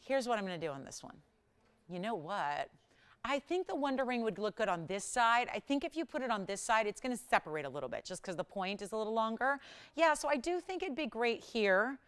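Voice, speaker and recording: Animated woman hosting live jewelry sales. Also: a little high, clear, resonant tone. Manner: animated, chatty, sells with rapid price talk. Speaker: shopping channel jewelry host. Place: television studio.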